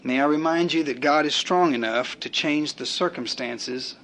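A man's voice: a little high, moderate pace, fairly bright tone, a little hiss or hum. A man preaching a sermon, building his points through rhythmic repetition and acting out quoted prayers and complaints.

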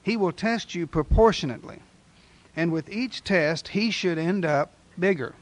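A man's voice: high-pitched, moderate pace. A man preaching a sermon, speaking emphatically and putting repeated rhetorical questions to his congregation.

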